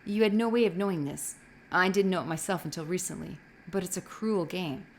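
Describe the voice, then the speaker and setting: A sorrowful, weary boy of about twelve, voiced by a woman reading aloud, speaking softly and with care. The storybook voice sits low and hushed, with a faint hiss behind it. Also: a little fast, natural voice. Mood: earnest. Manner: quiet, careful and subdued. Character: sad, weary twelve-year-old boy.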